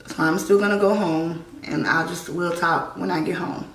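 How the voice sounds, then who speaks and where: A woman's voice: on the low side, steady tone, normal speed. A young woman telling a personal story in a casual, chatty way, often saying "like" and "you know". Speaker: vlogger. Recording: roomy echo, distant mic, faint noise.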